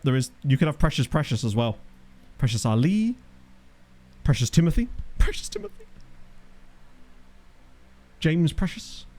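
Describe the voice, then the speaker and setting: Chatty streamer man with lively pitch. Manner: rambling, jokey, reacts to chat. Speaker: streamer playing a football management game. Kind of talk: casual live-stream commentary. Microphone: desk microphone.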